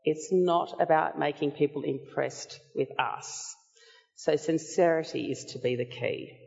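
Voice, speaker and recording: A woman preaching a sermon, teaching from the Bible in an earnest, measured way. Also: sits low, vocal fry, darkish tone. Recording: dull sound with long hall reverb.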